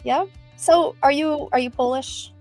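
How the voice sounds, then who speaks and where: A woman's voice: high-pitched, a little slow, a little mellow, dry recording, faint music behind. A middle-aged woman hosting a casual livestream, chatty and bubbly, greeting viewers by name. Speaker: livestream host.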